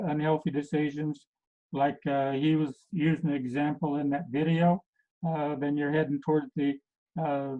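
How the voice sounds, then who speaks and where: A man acting as a health coach, giving a casual talk to a group and pausing often with many fillers. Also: a little high, mellow. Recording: tinny phone-like recording.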